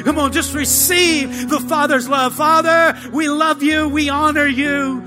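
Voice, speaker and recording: High-pitched preacher guy pleading thru an altar call, music playing under him. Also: steady tone, measured pace, hardly any pauses. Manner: fervent, pleading, repetitive preacher cadence. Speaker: pastor. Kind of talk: sermon altar call and prayer. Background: soft music.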